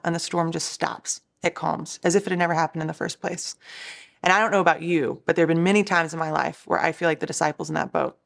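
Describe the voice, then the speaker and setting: A woman's voice: lowish voice, steady tone, fast talker, creaky. A young woman, a Christian singer, sharing a casual devotional message in an earnest, encouraging, conversational way.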